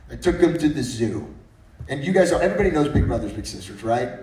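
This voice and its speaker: A man's voice: medium pitch, very animated, quick pace, mellow, a little hiss or hum. A man in his thirties gives a faith-based talk at a breakfast meeting. He tells funny stories and often restarts his sentences. His voice comes from some distance and sounds roomy. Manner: anecdotal and humorous, with frequent restarts. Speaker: guest speaker. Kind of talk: faith-based storytelling speech.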